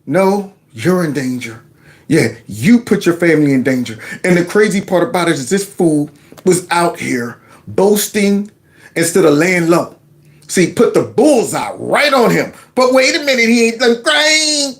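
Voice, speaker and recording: A man's voice: high-pitched, big pitch swings, normal speed. A man giving casual, mocking commentary on a video clip. He talks sarcastically and addresses his viewers as y'all.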